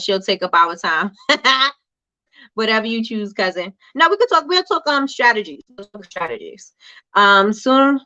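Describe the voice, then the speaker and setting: A woman's voice: medium pitch, bright, forceful tone, lo-fi sound. A woman hosting a casual livestream chat about business, talking conversationally, repeating herself and reading viewer comments aloud. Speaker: host.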